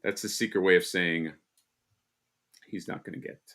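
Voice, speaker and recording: A man's voice: low voice, steady tone, normal speed, fairly bright tone. A man co-hosting a casual live stream, rambling and joking with lots of fillers and restarts. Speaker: co-host.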